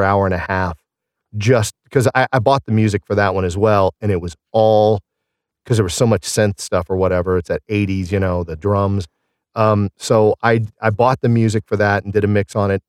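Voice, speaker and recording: A man's voice: lowish voice, darkish tone, no room sound, clean studio sound. A man in his thirties or forties, a singer and voice actor, chatting casually and telling rambling, self-deprecating stories. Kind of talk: casual podcast chat.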